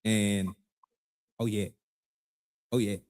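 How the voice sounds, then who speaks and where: A man hosting a casual interview who gives short, relaxed replies and reassurances. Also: fairly low pitch, drawn-out words. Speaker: interviewer host.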